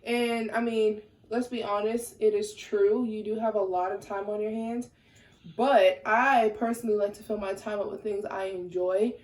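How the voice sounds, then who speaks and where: A woman's voice: medium pitch, fairly even intonation, moderate pace, a little mellow, reverberant. A young woman chatting casually to her viewers while doing her makeup, sassy and candid, getting heated at times. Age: young adult. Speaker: lifestyle vlogger.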